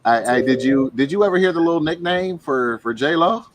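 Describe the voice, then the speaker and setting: This is a man hosting a casual podcast chat. He is loose and profane and laughs often. His pitch swings widely, and faint noise sits under his voice. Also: expressive, normal speed. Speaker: podcast host.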